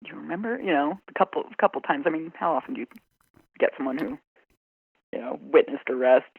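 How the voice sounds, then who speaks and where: A woman's voice: low voice, brisk, creaky, slightly rough. A woman, an emergency room nurse, telling stories in a casual conversation and laughing often. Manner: laughs often, animated storytelling. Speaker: ER nurse guest. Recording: phone-like remote audio.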